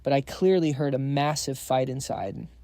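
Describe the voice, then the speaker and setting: A man's voice: mid-range voice, normal speed, creaky, warm tone, no echo, clean studio sound, close to an everyday voice. A man voicing a nervous monk henchman. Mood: tense.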